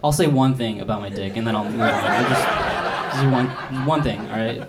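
Low-voiced young man rambling on stage. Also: moderate pace, crowd noise. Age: 20s. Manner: rambling, self-deprecating, filler-heavy. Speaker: stand-up comedian. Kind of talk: stand-up comedy set. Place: comedy club stage. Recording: noisy live comedy club. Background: audience laughter.

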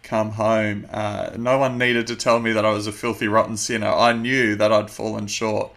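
A man in his thirties, a guest telling his personal testimony in an earnest, measured way with many fillers. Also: lowish voice, level tone, gravelly, fairly bright tone.

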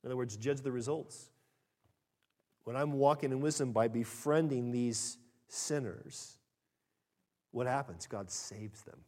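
A pastor preaching a conversational, animated sermon that swings between loud emphasis and soft asides. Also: male voice, mid-range voice, unhurried, pauses often.

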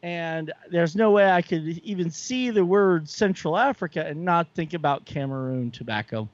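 A man's voice: a little high, normal speed, no room sound, muffled recording. A man co-hosting a podcast in casual chat, enthusiastic and rambling with lots of fillers. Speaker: podcast co-host.

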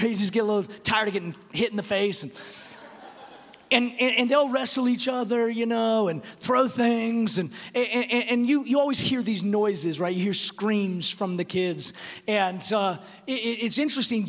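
A pastor preaching a sermon, emphatic and repeating words, slowing down to stress key phrases. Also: male voice, sits high, fairly bright tone. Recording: long reverb of a large hall.

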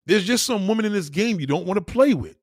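Animated, profane New podcast host. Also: male voice, high-pitched, fast talker, no room sound, clean studio sound. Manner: animated, profane, laughing asides. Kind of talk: crude comedic rant.

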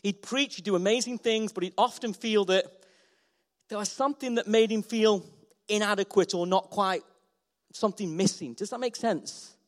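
A pastor preaches a sermon in a church hall, his voice fairly high for a man and his pace moderate. He speaks passionately, repeating phrases for emphasis as his volume swells loud and then falls soft.

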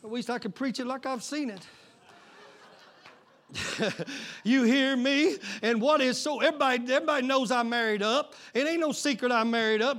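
A middle-aged male pastor preaching a sermon, swinging from hushed asides to shouted call-and-response. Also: very high-pitched. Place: church sanctuary.

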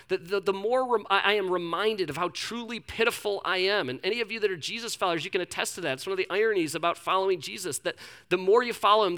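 Young male pastor, high bright voice, candid sermon storytelling. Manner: candid, self-deprecating storytelling with many restarts.

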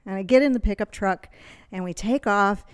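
A woman's voice: mid-range voice, moderate pace, clear, resonant tone. A woman in a group, sharing a personal dream story in a hesitant way, with fillers. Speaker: group participant.

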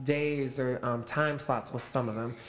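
A man's voice: medium pitch, fairly even intonation, a little slow, a bit bright, slight background noise. A man in his late twenties, an actor, chatting with young castmates in a casual, upbeat, playful interview.

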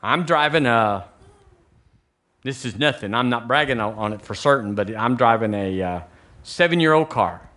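Southern pastor preaching, bright voice. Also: male voice, mid-range voice, moderate pace. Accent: Southern American. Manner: animated preaching, rising to near-shouted emphasis on scripture; chatty asides and jokes with the congregation. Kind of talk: sermon. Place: church sanctuary.

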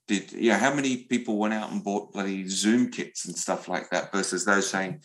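Middle-aged guy, low voice, chatty storytelling guest, lively, trips over his words a bit. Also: normal speed, few pauses, poor audio. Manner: animated, repeats words, acts out quotes. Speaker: interview guest, leadership speaker. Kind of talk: conversational storytelling.

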